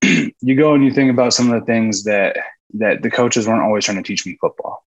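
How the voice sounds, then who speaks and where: A young man who once played college football appears as a podcast guest, telling rambling stories full of fillers and laughter in casual chat. His medium-pitched voice is brisk, and the recording sounds muffled.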